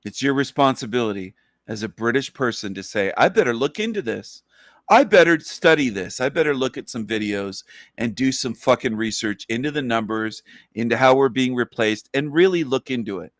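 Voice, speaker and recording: Man, livestream host, emphatic profane rant, repetitive, mid pitch, dry close sound. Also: no echo.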